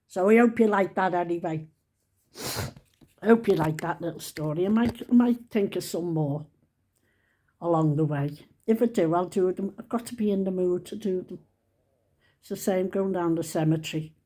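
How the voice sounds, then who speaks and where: Chatty husky woman in her seventies. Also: fairly low pitch, mellow. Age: 70s. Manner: chatty and rambling, fondly addressing followers. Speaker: vlogger. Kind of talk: casual chat to camera.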